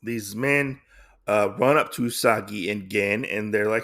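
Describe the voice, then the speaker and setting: A man's voice: lowish voice, a little slow, a bit bright. A man hosting a podcast, recapping a comic book in a casual, rambling way with lots of fillers and restarts. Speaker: podcast host.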